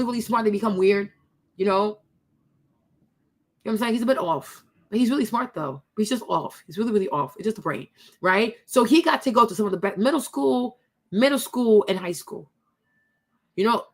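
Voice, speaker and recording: A young woman from the Ivory Coast who hosts her own channel. She tells a story to her viewers in a casual way, calls them y'all and keeps asking "right?". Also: a little high. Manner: chatty, addresses viewers as y'all, many tag questions. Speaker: host.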